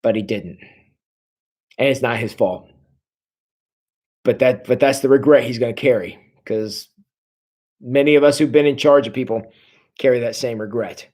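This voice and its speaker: A man leading a church book discussion, earnest and halting, with many restarts and fillers. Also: mid-range voice, a little mellow.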